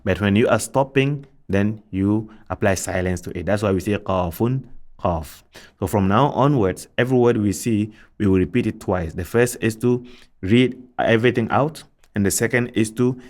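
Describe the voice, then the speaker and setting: A man teaching Arabic letter sounds, speaking in a measured way and repeating syllables slowly and deliberately. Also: lowish voice. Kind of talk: slow step-by-step pronunciation lesson.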